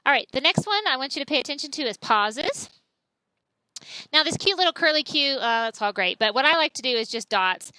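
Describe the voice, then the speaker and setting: A woman's voice: high-pitched, lively intonation, brisk, sharp tone, dry recording, poor audio. A woman, teaching a class in a chatty, explanatory way and saying example words aloud. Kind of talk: classroom lecture.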